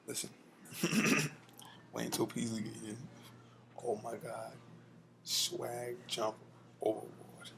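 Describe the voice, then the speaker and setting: A young man rambling loosely and profanely at home at night, drifting between loud talk and whispers, recorded on a laptop mic. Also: medium pitch, completely flat delivery, slow pace, gravelly, pauses often, noisy background. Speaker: vlogger. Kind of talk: rambling casual vlog. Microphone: laptop built-in mic.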